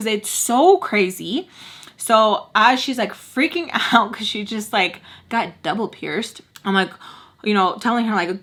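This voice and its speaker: A woman's voice: medium pitch, measured pace, fairly bright tone. A woman casually telling a story to her viewers as a vlogger, with lots of filler words, acting out the people in it. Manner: chatty, heavy on filler words.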